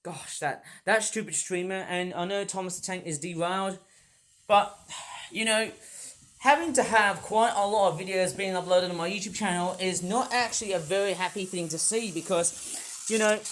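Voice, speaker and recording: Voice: medium pitch, moderate pace, a bit bright. Rambling toy vlogger. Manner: rambling, jokey, self-mocking. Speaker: toy reviewer. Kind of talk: casual vlog.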